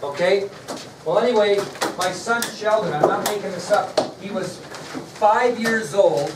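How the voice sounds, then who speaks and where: A middle-aged man teaching a class, chatting directly with his students as he recounts a story. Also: on the high side. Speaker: history teacher. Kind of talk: classroom lecture with a personal story. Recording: echoey classroom from far off, noisy.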